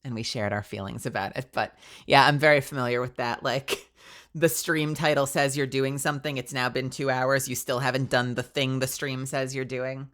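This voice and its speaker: At a moderate pace and in a rumbling low voice, a young woman streams as a VTuber with a stuffed-up nose. Her casual chatter is lively and rambling, full of "like."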